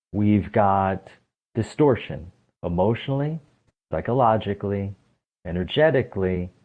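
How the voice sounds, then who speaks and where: A man speaking as a podcast guest, explaining emphatically and often asking rhetorical questions. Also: on the low side. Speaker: podcast guest, stress coach. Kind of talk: explanatory interview talk. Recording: tinny phone-like line.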